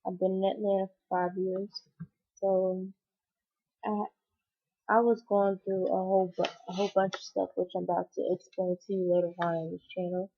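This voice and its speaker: A woman's voice: medium pitch, flat delivery, moderate pace. A young woman telling a personal story on her channel, rambling and emotional with many fillers. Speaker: vlogger. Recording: dull lo-fi recording.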